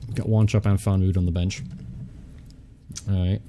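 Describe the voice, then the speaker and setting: Young male let's-play host, low-ish mellow tone, chatty, mutters and swears offhand. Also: level tone, normal speed, a little hiss or hum. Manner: chatty, thinks aloud, mutters and swears casually. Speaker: gaming channel host. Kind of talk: casual let's-play commentary.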